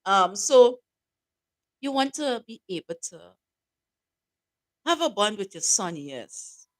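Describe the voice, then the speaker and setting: A woman's voice: medium pitch, very animated, takes it slowly. A woman co-hosting a talk show, giving casual advice and teasing her co-host, laughing often.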